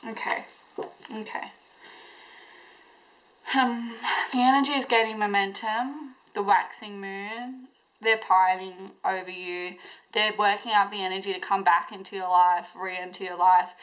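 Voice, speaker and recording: A woman's voice: mid-range voice, steady tone, measured pace, fairly bright tone, rough recording. A woman giving a pick-a-card tarot reading, talking straight to her viewers in an emotional, intense and reassuring way, with plenty of fillers. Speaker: tarot reader.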